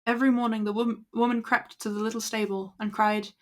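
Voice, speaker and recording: A woman's voice: a little high, level tone, a little fast, hardly any pauses. A woman reading old fairy tales aloud to her stream at an easy pace, with small slips. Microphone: laptop built-in mic.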